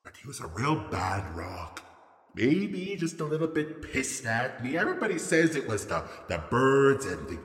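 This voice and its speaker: A man's voice: medium pitch, big pitch swings, normal speed, fairly bright tone, reverberant, big-room sound. An actor playing a mocking, boastful male trickster spirit who laughs at his own jokes.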